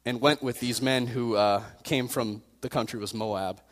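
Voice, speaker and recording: Casual young youth pastor preaching in a hall. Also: male voice, medium pitch, fairly even intonation, moderate pace. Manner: casual storytelling preaching, self-deprecating. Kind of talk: sermon. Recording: long reverb in a hall.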